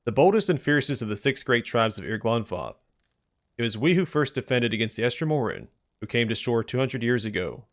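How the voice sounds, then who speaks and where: A man reading out the lines of a proud, grim old male tribal chieftain in a stern, measured way. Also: medium pitch, sing-song.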